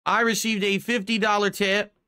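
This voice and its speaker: A man's voice: high-pitched, little pitch movement, normal speed, bright, forceful tone, clear, resonant tone. A male streamer on a live stream, earnestly thanking his viewers for tips as he wraps up. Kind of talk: live stream sign-off talk.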